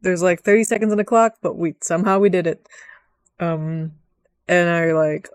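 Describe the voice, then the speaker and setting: Low-ish woman, dry close voice-over, rambling giggly game chat. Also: steady tone, normal speed, clear, resonant tone, dry recording. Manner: rambling, giggly, swears freely. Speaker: gaming video host. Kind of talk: casual gaming commentary.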